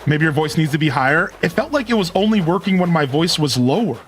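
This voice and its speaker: A man's voice: fairly high pitch, lively intonation, fast. A man streaming a video game in casual chat, rambling and repeating a single word as he tests something. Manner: chatty, trails off, repeats a word over and over.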